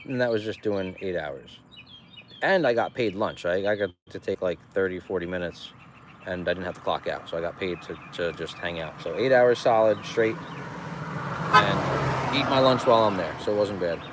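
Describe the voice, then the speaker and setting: A rambling, joking male farmer talking casually to his livestream viewers from a roadside stand. He laughs often and wanders from thought to thought. Passing traffic is clearly heard in the outdoor recording. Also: deep voice, normal speed. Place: outdoors beside a busy road.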